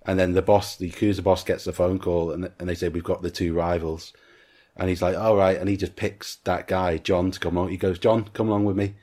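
A man's voice: low-pitched, little pitch movement, a little fast, mellow. A man co-hosting a podcast in casual film chat, retelling scenes at length and quoting the characters' lines. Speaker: podcast co-host.

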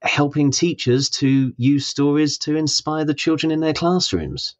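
A man's voice: a little high, animated, a little slow, lo-fi sound. A man who is a storyteller, chatting as a podcast guest in a friendly way with many fillers. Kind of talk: podcast interview and read promo.

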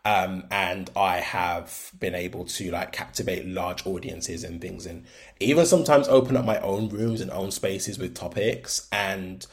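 A man's voice: sits low, fairly even intonation, a little slow. A young man with a Birmingham accent that drifts toward London, hosting a casual solo podcast in a frank, chatty way full of ums and likes. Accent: Birmingham (Brummie), shifting toward London. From Birmingham, England. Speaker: podcast host.

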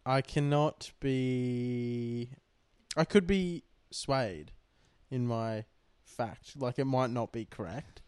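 A man's voice: medium pitch, slow pace, a little mellow, clear, resonant tone, no echo. A man co-hosting a podcast in casual chat, rambling with lots of "like" and the odd swear. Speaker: podcast co-host.

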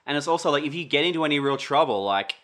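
A man co-hosting a casual podcast, arguing his side in a dry, quick way. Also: a little high, expressive, fairly bright tone. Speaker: podcast co-host and editor. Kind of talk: casual chat.

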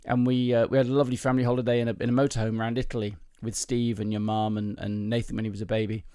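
A man who works as a comedian, chatting casually on a podcast and acting out jokes with lively, sing-song voices. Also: mid-range voice, rapid-fire, clear, resonant tone, dry recording, studio quality. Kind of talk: casual chat and joke telling.

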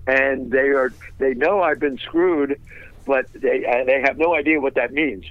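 Older man, lively raconteur, dull dry sound. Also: medium pitch, a little slow, dry recording. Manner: lively raconteur, laughs through his stories. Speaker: guest. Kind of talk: anecdotal storytelling in a radio interview.

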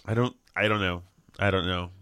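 A man's voice: low voice, fairly even intonation, moderate pace, pushed and bright, clear, resonant tone, no room sound. A man hosting a casual radio chat show, riffing with sarcastic jokes. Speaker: host.

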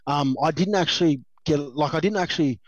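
A man's voice: fairly high pitch, fairly quick, no room sound. An Australian man in his thirties, a former rugby league player telling stories as a guest in a casual chat, rambling with lots of fillers and laughs. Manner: rambling, laughs a lot, many fillers and restarts. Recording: slightly dull dry recording.

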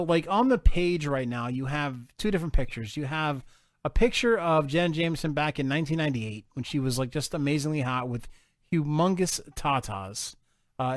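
Profane Jersey-accented podcast co-host. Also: male voice, on the high side. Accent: New Jersey. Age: 40s. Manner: loud, profane, rambling with restarts. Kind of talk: crude casual banter.

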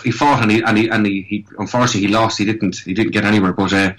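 Middle-aged Irish man, quick, loose storyteller with plenty of restarts and swearing; guest in casual talk. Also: fairly low pitch, fairly even intonation, a bit bright, low-quality recording. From Ireland. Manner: rambling anecdotes with repeated restarts and swearing.

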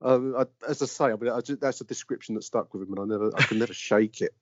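A middle-aged man co-hosting a casual football podcast, chatty and quick to laugh, trailing off into fillers. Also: medium pitch, no room sound. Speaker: podcast co-host. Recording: dry, dull lo-fi sound.

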